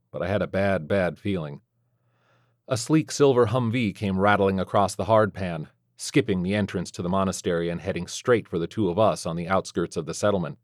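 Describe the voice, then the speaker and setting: Man, scripted first-person narration, sardonic, dry wit, lowish voice, dead-dry sound. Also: darkish tone, dry recording.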